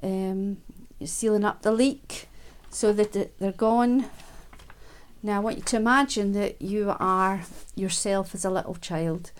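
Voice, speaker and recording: Soft-spoken woman, self-help talk. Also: mid-range voice, steady tone. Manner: soft, unhurried, with many ums and quiet laughs.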